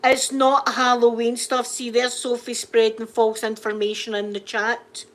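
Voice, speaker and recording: A woman's voice: fairly high pitch, little pitch movement, unhurried. A middle-aged Scottish woman from Scotland, chatting casually with viewers on a livestream, rambling and laughing often. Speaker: livestream host. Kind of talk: casual live chat with viewers.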